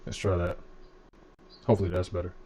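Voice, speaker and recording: Male crypto streamer, low voice, easygoing and chatty, home desk mic, slight background noise. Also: flat delivery, fairly quick, warm tone. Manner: laid-back, chatty, laughs easily, talks to chat. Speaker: crypto market live streamer. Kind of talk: casual live-stream market analysis. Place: home room with computer fans and laundry nearby. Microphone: desk microphone.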